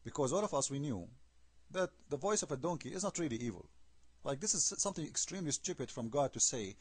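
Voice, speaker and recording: A man's voice: fairly high pitch, animated, fast talker, breathy edge, no room sound. A man giving an argumentative video commentary, emphatic and scornful, firing off rhetorical questions in non-native English. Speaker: online commentator.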